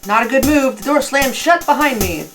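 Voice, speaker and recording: A woman casually commenting on a game and reading its text aloud, with many pauses and fillers. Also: sits high, expressive, over music. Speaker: game streamer.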